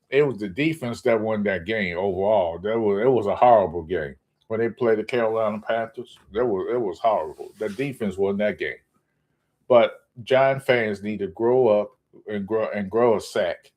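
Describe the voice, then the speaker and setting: Guy ranting about football on his channel, swears a lot, voice jumps way up when he's worked up, medium pitch. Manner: animated ranting, profane, jumps to high exclamations. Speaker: sports vlogger. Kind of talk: ranting casual monologue.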